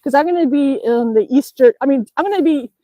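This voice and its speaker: A woman's voice: sits high, fast talker, warm tone, no echo, low-quality recording. A woman vlogger chatting on a live stream outdoors in the snow, reading viewer comments aloud and laughing often, a little out of breath from a workout. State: slightly out of breath from exercising outdoors.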